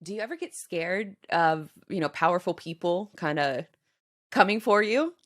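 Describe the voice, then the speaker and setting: A woman's voice: lowish voice, lively intonation, moderate pace. A woman hosting a podcast interview, asking curious, conversational questions. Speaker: podcast host.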